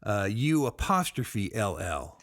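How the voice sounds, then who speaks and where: A man's voice: lowish voice, very animated, takes it slowly. Curious American man asking questions. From United States. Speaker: host. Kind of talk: casual educational chat.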